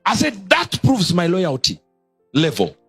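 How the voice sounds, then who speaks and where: A man preaching with a husky, lively voice that leaps up in sudden exclamations and sinks low again. The sound is dry and close, with soft music playing underneath. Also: measured pace, no room sound. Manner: animated, sudden high exclamations and drops. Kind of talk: sermon.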